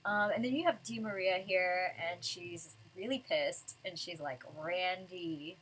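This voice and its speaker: A woman's voice: lowish voice, a little slow, a bit bright, a little hiss or hum, low-quality recording. A woman reviewing a manga chapter in a casual, rambling way, giggling and full of fillers.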